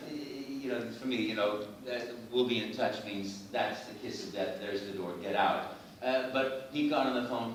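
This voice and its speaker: A man, a voice actor guest at a fan event, telling stories in an expressive, animated way, often saying "you know.". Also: mid-range voice, a little hiss or hum. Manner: expressive, frequent "you know" fillers, acts out quotes. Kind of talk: animated storytelling. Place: large indoor venue. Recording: echoey hall, mic far off, faint ambience.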